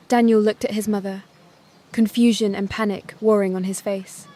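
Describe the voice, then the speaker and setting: Calm woman narrating a drama story. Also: mid-range voice. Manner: measured, calm, dramatic pacing.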